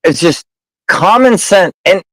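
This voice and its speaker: A man's voice: high-pitched, measured pace, dry recording, rough recording. A man telling a story in casual chat, swearing freely and acting out the people in it. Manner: profane, animated storyteller.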